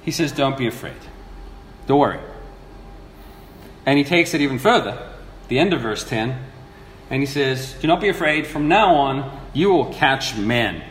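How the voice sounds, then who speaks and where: A man delivers a sermon in an echoey hall with a long reverb tail. His pitch sits in the middle range, and his delivery is earnest and animated. He voices the figures he quotes, with faint room ambience behind him. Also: normal speed, pauses often, slight background noise. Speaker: preacher.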